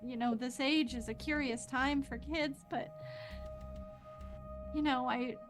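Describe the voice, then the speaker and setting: A frightened mother frets and rambles, her voice pitched up and kept soft and hushed, as a woman puts her on. She keeps apologizing and tripping over her words. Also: steady tone, takes it slowly, over music. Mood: fretful. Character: anxious tearful mother of a teen girl.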